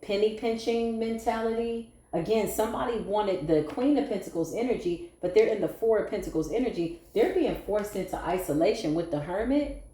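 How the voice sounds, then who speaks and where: A woman reads tarot for a collective audience in a sassy, blunt, playful way, with some swearing. Her voice sits at an ordinary middle pitch. The room around her rings with noticeable echo. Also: fairly quick, warm tone. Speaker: tarot reader.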